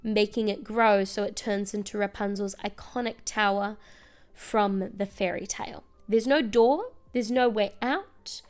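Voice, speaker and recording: A young woman hosting a casual, comedic recap, chatty and wry with quick asides. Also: medium pitch. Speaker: video essay host.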